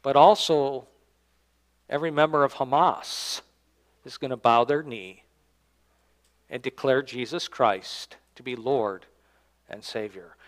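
A man, the church's pastor, preaching a sermon and reading scripture aloud, swinging between loud emphatic lines and quiet low endings. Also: takes it slowly, long pauses. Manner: reads scripture aloud in King James wording. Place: church sanctuary.

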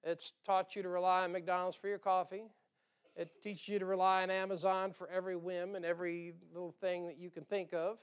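A man's voice: high voice, level tone, fairly quick, clear, resonant tone. A man preaching a sermon, folksy and joking, punctuating his points with "amen?". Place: church sanctuary.

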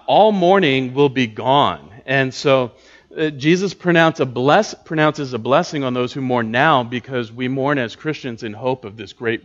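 A man teaching a church class on scripture, thoughtful and halting, with many filler words and restarts. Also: mid-range voice, a bit bright. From United States. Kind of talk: Bible teaching talk. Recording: dull lo-fi recording.

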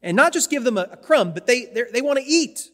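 High-voiced pastor preaching in a hall. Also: male voice, animated, fairly quick, fairly bright tone. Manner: conversational, with repetitions and asides to the congregation. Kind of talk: sermon. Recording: long hall reverb.

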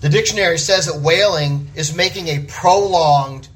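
A man's voice: fairly high pitch, normal speed, distant mic. Emphatic preaching man, a bit off-mic. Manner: emphatic, repetitive preaching cadence. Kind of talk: sermon.

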